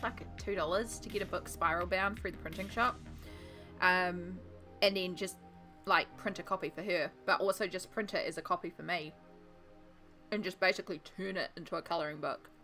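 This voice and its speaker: A woman's voice: on the low side, sharp tone. A woman chatting casually and playfully while she paints on a live stream. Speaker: art streamer.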